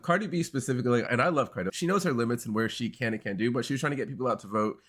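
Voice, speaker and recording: A man's voice: medium pitch, rapid-fire. A man with an American accent co-hosting a podcast, chatting casually and acting out other people's lines as he tells stories. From United States. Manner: animated storyteller, acts out other people's lines. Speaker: podcast co-host.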